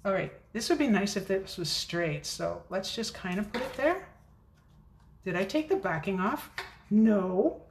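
A chatty woman demonstrating card making in a casual crafting video, talking fast and poking fun at her own forgetfulness. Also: medium pitch. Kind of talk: casual crafting tutorial chat. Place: home craft room. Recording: echoey room.

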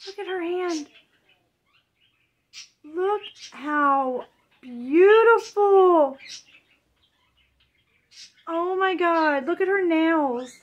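A woman who collects reborn dolls, gushing breathlessly in an excited unboxing vlog and shaky with excitement. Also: extremely high pitch, extremely slow, pauses often, dull audio.

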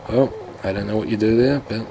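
A low-voiced man commenting on a text adventure as he plays it. He reads the commands aloud and tosses in dry jokes. Constant game noise runs beneath his voice. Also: brisk. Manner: dry, joking asides. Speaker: let's play host. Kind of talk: let's play commentary.

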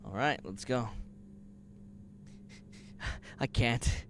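A man streaming a video game, reacting out loud in an excitable way, swearing and jumping to sudden shouts. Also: medium pitch, extremely slow, background noise. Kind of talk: gaming livestream commentary.

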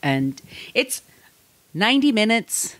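Lively woman podcast co-host. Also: a little high, slow, no echo. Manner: lively, laughs often, playful quoted voices. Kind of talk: casual chat.

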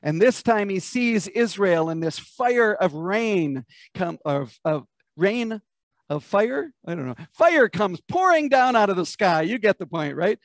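High-voiced American preacher telling a story. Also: male voice, sing-song, unhurried, no echo. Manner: vivid storytelling, asks the congregation to imagine. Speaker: pastor. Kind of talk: sermon.

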